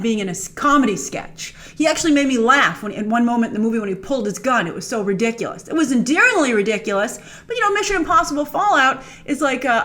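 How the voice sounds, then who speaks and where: A woman hosting a movie news channel, giving opinionated, emphatic commentary to camera. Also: a little high. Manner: animated, emphatic, critical. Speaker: host.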